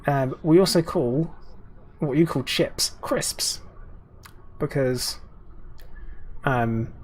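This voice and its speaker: A man's voice: mid-range voice, drawn-out words. A British man streaming a game, chatting casually with viewers in a rambling way with lots of ums and restarts.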